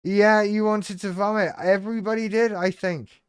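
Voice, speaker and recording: A man's voice: sits high, normal speed, clean tone, no room sound, clean studio sound. A man hosting a live stream, chatting casually in a rambling, irreverent, sweary way and reacting to viewers' comments.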